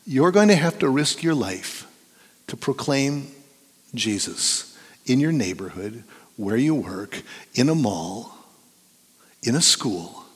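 Man, pastor, sermon, emphatic, hushed whispers at times, very lively pitch, long church-hall reverb. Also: breathy edge. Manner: animated and emphatic, dropping to hushed whispers for effect. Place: church sanctuary.

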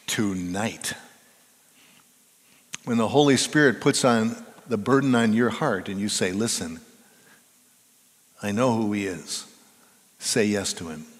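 Pastor guy preaching slow, goes quiet then gets loud, big echoey church. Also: fairly low pitch. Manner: preaching with swings between hushed and loud emphatic delivery. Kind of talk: sermon.

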